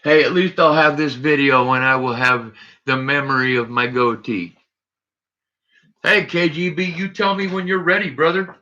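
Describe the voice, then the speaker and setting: A man on a casual livestream chats to his viewers with nervous humor, his voice on the high side, very bright and sharp, steady in tone and at normal speed. The recording sounds dull and lo-fi.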